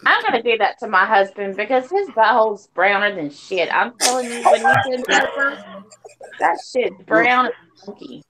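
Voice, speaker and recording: A woman's voice: fairly high pitch, animated, moderate pace, noisy background. A woman on a live stream chat, blunt and brash, swearing freely as she tells a crude story.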